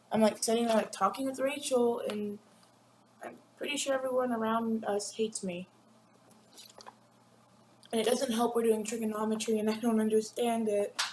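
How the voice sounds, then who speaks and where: A woman's voice: a little high, darkish tone, slight background noise. Giggly teen girl vlogger, echoey room. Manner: rambling, giggly, acts out classmates in quick voices. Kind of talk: casual chat to camera. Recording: echoey room with faint ambience.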